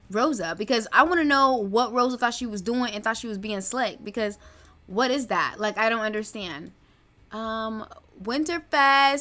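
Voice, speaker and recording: Female let's play host, chatty and gossipy, bright tone. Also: on the high side. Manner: chatty, gossipy, narrating drama. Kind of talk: casual gameplay commentary.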